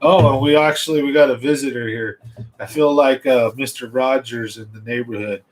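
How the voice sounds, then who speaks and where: A man's voice: mid-range voice, fairly even intonation, moderate pace, a little hiss or hum, low-quality recording. Chatty man hosting a livestream. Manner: rambling, chatty, talks straight to viewers. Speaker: fishing livestream host. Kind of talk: casual livestream chat.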